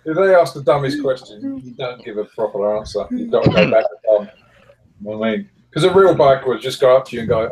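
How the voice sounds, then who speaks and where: A man in casual group chat, telling animated stories and mimicking other people. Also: medium pitch, fast. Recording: noisy background.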